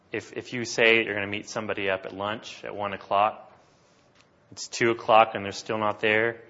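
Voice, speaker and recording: Preaching man with a bright voice. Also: fairly low pitch, dull audio. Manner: animated, asks the congregation questions. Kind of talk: sermon.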